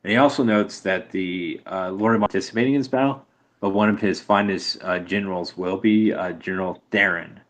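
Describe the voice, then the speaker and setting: Brief: low male game master, hesitant, filler-heavy narration. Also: fairly bright tone. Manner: halting, many fillers.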